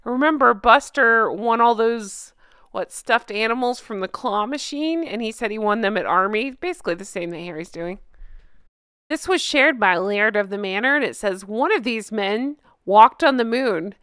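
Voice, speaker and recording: A woman's voice: on the high side, lively intonation, moderate pace, fairly bright tone, clean tone, no room sound, clean studio sound. A woman co-hosting a casual commentary show, reading out social media posts and reacting with amusement. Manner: amused, laughing often. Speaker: co-host.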